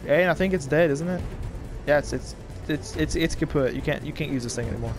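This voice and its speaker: Young man, gaming commentary, excitable, rambling, trash talk, faint music behind. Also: on the high side, quick pace. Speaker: gaming YouTuber. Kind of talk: casual gameplay commentary.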